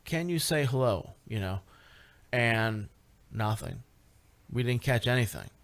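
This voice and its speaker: A man guest on a radio talk show, telling a paranormal investigation story in a casual, animated way with many fillers and restarts. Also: medium pitch, unhurried. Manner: animated, lots of fillers and restarts, rising excitement.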